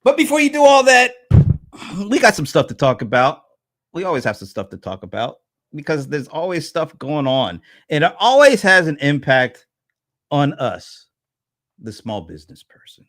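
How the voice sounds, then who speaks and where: A man hosting a live-stream panel chat, animated and playful, teasing his co-hosts. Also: a little high, normal speed. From East Coast of the United States. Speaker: host.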